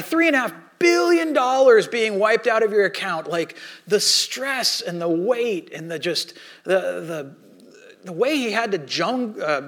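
A male pastor preaching in a casual, conversational way. He uses lots of fillers and asides. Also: high voice. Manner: conversational and animated, with repeated fillers. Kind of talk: sermon.

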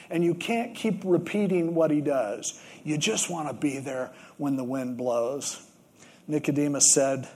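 A man's voice: a little high, dark tone, breathy edge. A man preaching a sermon, telling stories and acting out the voices in them. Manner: storytelling, acts out quoted voices. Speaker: pastor.

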